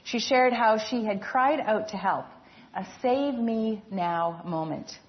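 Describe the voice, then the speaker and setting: A woman pastor preaching a sermon, measured and earnest, letting her phrase endings fall soft and low. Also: highs cut off.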